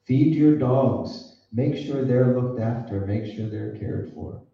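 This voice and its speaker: A man voicing a gentle, generous devout king who speaks tenderly and slowly, recorded in an echoey room from a distant mic. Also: medium pitch, creaky, dull audio.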